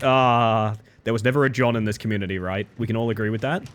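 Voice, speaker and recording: Fast-talking with hardly any pauses, this young man has a lowish, slightly bright voice. He streams a game and chats casually, joking playfully and addressing his viewers directly.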